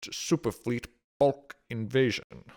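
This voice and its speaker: A man's voice: medium pitch, measured pace, darkish tone, lightly acted. A man voicing a nasal 1940s male newsreel announcer, declaiming headlines in a punchy way. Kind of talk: mock newsreel reading.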